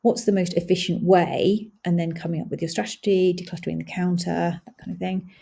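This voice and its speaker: Woman host, husky and mellow, casual screen-share walkthrough, thinks aloud with fillers. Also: on the low side, steady tone, brisk. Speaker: blogging tutorial host.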